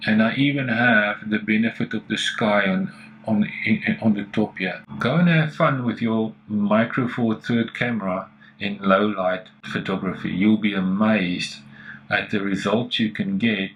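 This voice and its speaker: A man's voice: fairly low pitch, unhurried, a bit bright, lo-fi sound, slight background noise. A man teaching photo editing, talking enthusiastically and thinking aloud as he adjusts settings. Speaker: photography tutor. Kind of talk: screen-recorded editing tutorial.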